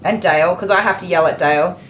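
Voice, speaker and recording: A woman's voice: fairly low pitch, fast talker, soft background music. A woman who is a dog groomer, chatting casually on a livestream while she works and answering viewers by name. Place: grooming salon, indoors.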